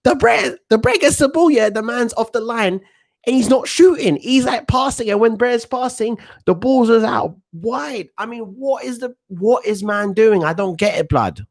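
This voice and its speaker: A man's voice: very high-pitched, animated, moderate pace, gravelly, pitched above the performer's own voice, full character voice. A man voicing a hot-headed teenage London street lad with a London accent, ranting in slang. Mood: exasperated.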